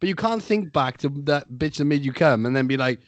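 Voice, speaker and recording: A man's voice: on the high side, expressive, brisk, highs cut off. A man co-hosting a casual podcast chat, talking emphatically and profanely about staying positive. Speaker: podcast co-host.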